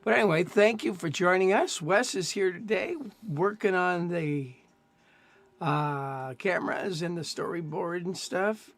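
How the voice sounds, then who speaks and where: An older man hosts a live stream in a loose, rambling way, stringing stories together with plenty of filler words. His voice sits a little high for a man. The sound is close and dry, with no room echo. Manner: rambling, chatty storytelling with many fillers. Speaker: host of a jazz guitar live stream. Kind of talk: casual live-stream chat.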